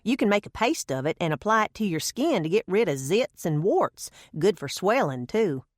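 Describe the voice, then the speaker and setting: A woman's voice: medium pitch, big pitch swings, moderate pace, no room sound. A woman voicing a folksy old grandmother who swears by herbal remedies, with homespun phrasing, in a dry close recording. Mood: insistent.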